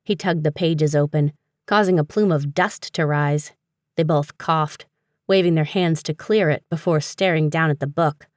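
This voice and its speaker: A woman reading a humorous fantasy audiobook in a steady, even storytelling manner. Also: low-pitched, normal speed, no echo, clean studio sound. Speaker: audiobook narrator. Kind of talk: scripted narration.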